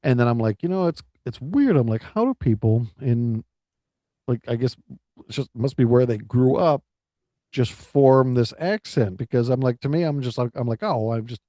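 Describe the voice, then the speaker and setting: Rambling, halting man with a mellow voice. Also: medium pitch, expressive, no echo. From United States. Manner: rambling, halting, full of restarts and "I'm like". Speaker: podcast co-host. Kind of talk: casual chat. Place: Florida.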